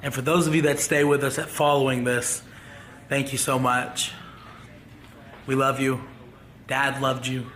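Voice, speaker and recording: A grieving man talking to his viewers in a halting, heartfelt farewell vlog. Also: mid-range voice, little pitch movement, fairly bright tone, slight background noise. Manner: halting, grief-stricken. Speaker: vlogger.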